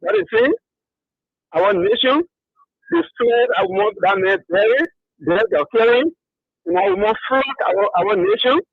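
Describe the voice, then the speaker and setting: A man's voice: very high-pitched, very animated, unhurried, gravelly, pauses often, husky. A man with a Liberian accent, a pastor calling in to a radio talk show, who talks hesitantly and fills gaps with uh. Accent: Liberian English. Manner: hesitant, full of fillers. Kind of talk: call-in radio opinion. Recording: tinny phone line.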